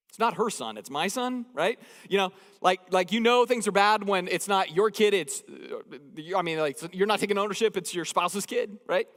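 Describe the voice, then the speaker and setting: A man preaching a sermon in a large hall, with a high voice and a long reverb tail behind it. He speaks conversationally and mixes jokes into his teaching. He drives key points home by repeating phrases with emphasis. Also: moderate pace, few pauses, a bit bright. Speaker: pastor.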